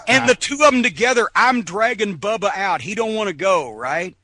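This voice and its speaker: A middle-aged man with a high, sharp, bright voice tells wild stories as a podcast guest. He swears freely and laughs through his lines. The sound is close and completely dry. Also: moderate pace, no room sound. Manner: animated, profane, laughs often. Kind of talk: casual storytelling.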